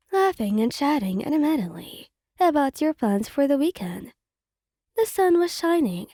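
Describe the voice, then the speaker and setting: A woman narrates a story in a steady read-aloud manner. Her voice sits a little high but sounds mellow and soft-edged, and the recording is dry and close with no room sound. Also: no echo. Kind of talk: reading a fan fiction story aloud.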